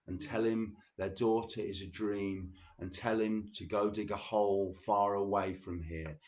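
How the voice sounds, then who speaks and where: Deep-voiced man reading poetry. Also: a little hiss or hum. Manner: reads poems slowly and deliberately, chats loosely between them. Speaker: radio show host. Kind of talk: poetry reading with casual asides.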